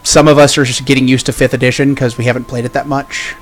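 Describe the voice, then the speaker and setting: A man's voice: medium pitch, flat delivery, quick pace, soft background music. A man streaming a tabletop game, joking wryly and rambling in a casual chat. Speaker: player and streamer.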